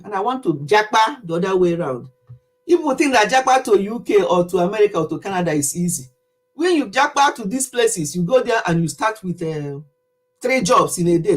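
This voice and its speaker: A woman's voice: fairly low pitch, slightly rough. A Nigerian woman in her fifties, chatting animatedly to camera in a casual vlog monologue and laughing easily. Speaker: vlogger.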